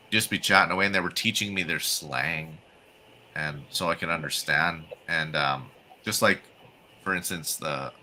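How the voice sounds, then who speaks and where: A man's voice: sits low, pushed and bright, a little hiss or hum, rough recording. A man with a Canadian accent chatting on a livestream video call, laughing often as he tells stories. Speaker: guest caller. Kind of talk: casual livestream chat.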